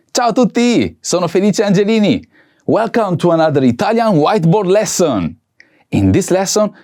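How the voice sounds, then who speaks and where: A man teaching a language lesson, saying words slowly and carefully and repeating each one for learners. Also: on the high side, darkish tone.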